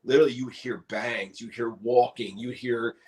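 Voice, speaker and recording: A middle-aged man, a paranormal investigator, telling a story casually in a live interview, animated and swearing freely. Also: mid-range voice, brisk, low-quality recording. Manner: animated, swears casually, acts out quoted dialogue.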